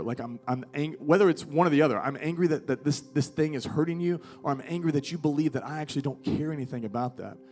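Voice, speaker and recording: This sermon comes from a man in his thirties, a pastor addressing a live crowd in a church hall. His delivery is relaxed and chatty at first, then grows emphatic, in a mid-range, slightly dark voice.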